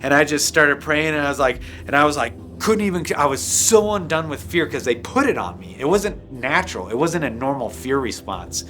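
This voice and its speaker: A man telling an emotional personal testimony, rambling and intense, full of restarts and "like", sometimes sinking to a hushed low voice. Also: animated, moderate pace, few pauses. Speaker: guest sharing a personal testimony.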